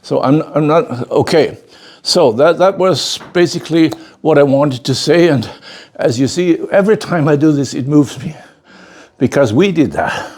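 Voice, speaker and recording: A man's voice: fairly high pitch, lively intonation, normal speed, darkish tone. An older man teaching a bonsai masterclass, telling a story with emphasis, often restarting his phrases and checking in with an "okay?". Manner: emphatic storyteller, many restarts and repeated words; checks in with the audience with a frequent "okay?". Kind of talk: spoken lecture to a class.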